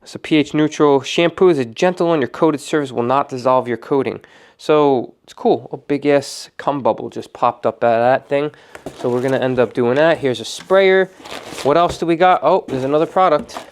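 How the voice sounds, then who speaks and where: A man's voice: medium pitch, normal speed, clear, resonant tone. Joking, rambling man unboxing products. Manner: rambling, joking, self-deprecating. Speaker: detailing channel host. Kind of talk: casual unboxing vlog.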